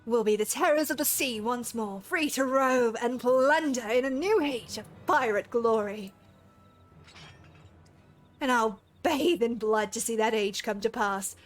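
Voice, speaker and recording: A woman voicing a taunting, bloodthirsty pirate villain with a rough put-on pirate accent and drawled threats, reading game dialogue aloud. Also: a little high, unhurried, soft background music, close to an everyday voice. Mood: menacing.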